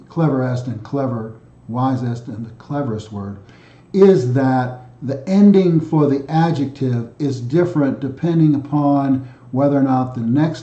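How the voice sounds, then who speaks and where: A man hosting a recorded language lesson, chanting lists of word endings and explaining them haltingly, often correcting himself. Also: medium pitch, warm tone. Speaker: self-taught language video host. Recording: echoey room, dull sound.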